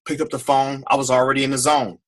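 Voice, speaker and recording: A man's voice: medium pitch, little pitch movement, fast. A man giving an emotional personal testimony to a group on a call, often repeating and restarting his phrases. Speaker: speaker on a team call.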